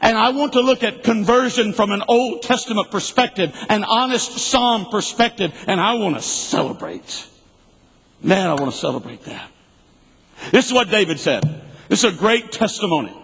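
A man preaching a sermon, emphatic and repetitive, swinging between loud bursts and quiet asides. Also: high voice, lively intonation, normal speed, slightly rough, long reverb tail, low-quality recording.

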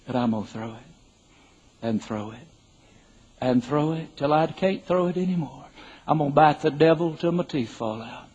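Husky older preacher with folksy humor. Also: male voice, on the high side, normal speed, a little mellow. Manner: emphatic, folksy joking. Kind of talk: sermon with humorous storytelling. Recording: dull lo-fi recording.

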